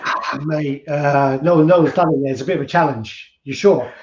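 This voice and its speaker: A man's voice: fairly high pitch, steady tone, moderate pace, echoey room, lo-fi sound, lightly acted. A man voicing a cheerful male pub barman as he tells a joke. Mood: joking. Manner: chatty storytelling.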